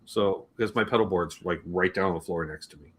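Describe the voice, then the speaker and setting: A man's voice: sits low, fairly quick, fairly bright tone, slight background noise. A man with a Canadian accent hosting a casual chat, rambling and jokey with plenty of swearing. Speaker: host. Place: home music room with guitar pedals.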